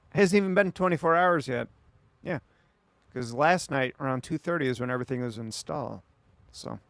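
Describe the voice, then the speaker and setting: A man's voice: a little high, dry recording. A man streaming late at night, chatting casually and rambling back at his viewers.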